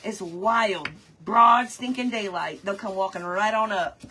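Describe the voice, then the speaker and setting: A woman's voice: mid-range voice, a little slow, a little hiss or hum. A woman chatting casually with viewers during a livestream while she works on a craft project. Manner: chatty, animated, reads viewer comments aloud, laughs often.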